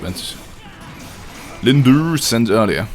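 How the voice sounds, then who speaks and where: While playing a video game live, a man chats with his audience, joking around and swearing freely. He has a medium-pitched, expressive voice and speaks slowly.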